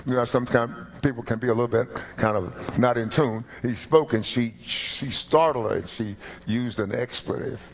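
A middle-aged man preaching a sermon as pastor, animated and emphatic, with rising peaks. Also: medium pitch, moderate pace, hardly any pauses.

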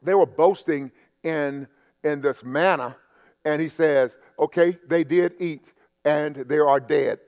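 A man's voice: on the high side, slow pace. Preaching man in a reverberant church. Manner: conversational preaching, stammers and repeats, swings from loud emphasis to quiet asides. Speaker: pastor. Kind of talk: sermon. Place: church sanctuary. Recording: long hall reverb.

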